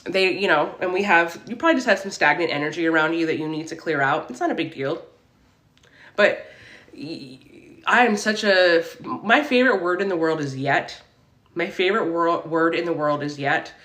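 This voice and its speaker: A woman's voice: lowish voice, normal speed, a bit bright, roomy sound. A woman hosting a casual livestream from her room as a spiritual reader, reading viewer comments aloud in an upbeat, affirming way. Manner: upbeat and affirming, preachy about mindset.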